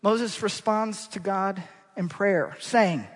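A male preacher giving an animated, rhetorical sermon that draws his congregation in, heard in a church hall. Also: sits high, takes it slowly. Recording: long church-hall reverb.

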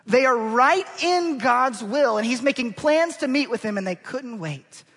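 A male preacher giving an animated, rhetorical sermon that draws his congregation in, heard in a church hall. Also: very high voice, a little slow, breathy edge. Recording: long church-hall reverb.

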